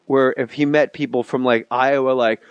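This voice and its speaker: A man hosting a podcast, telling comedic stories in a casual, animated way with profanity and quick impressions of other people. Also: medium pitch, no room sound, muffled recording. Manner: animated storyteller, does voices in anecdotes, profane. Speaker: podcast host.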